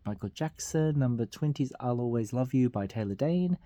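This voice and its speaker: A man's voice: medium pitch, expressive, brisk, warm tone, no room sound. A man casually counting down a chart of songs, half-singing the titles and laughing at his own slips. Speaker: vlogger counting down a song chart. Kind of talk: casual countdown with hummed song snippets.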